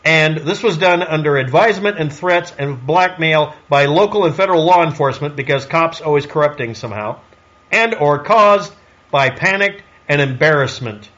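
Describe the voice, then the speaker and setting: A man's voice: a little high, normal speed, a bit bright. Snarky, sarcastic man in a lo-fi recording. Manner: rhetorical questioning. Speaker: online commentator. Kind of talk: solo commentary monologue.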